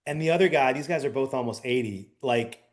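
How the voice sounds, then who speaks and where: A man's voice: medium pitch, fairly quick. Rambling middle-aged man telling a story. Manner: animated, rambling storyteller with many fillers. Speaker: podcast co-host. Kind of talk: casual storytelling chat.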